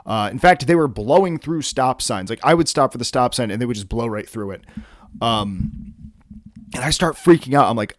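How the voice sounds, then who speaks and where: A man's voice: mid-range voice, lively intonation, normal speed, no room sound, clean studio sound. Rambling young man telling a story. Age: young adult. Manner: rambling, heavy filler words and swearing. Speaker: vlogger. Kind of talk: casual storytelling.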